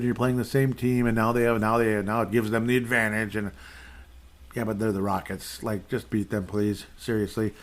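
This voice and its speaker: A man's voice: on the low side, little pitch movement, normal speed. A man hosting a casual sports podcast, rambling through game stats with sarcastic asides and frequent laughs. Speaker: podcast host.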